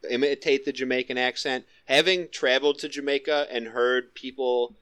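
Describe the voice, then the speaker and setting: A man's voice: medium pitch, fairly even intonation, normal speed, a bit bright, clear, resonant tone. A man hosting a casual podcast, rambling and laughing often, correcting himself as he goes. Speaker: podcast host. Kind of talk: casual chat.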